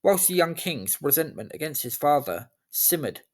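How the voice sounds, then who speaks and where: A man giving scripted history narration in a measured, even storytelling delivery. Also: on the high side.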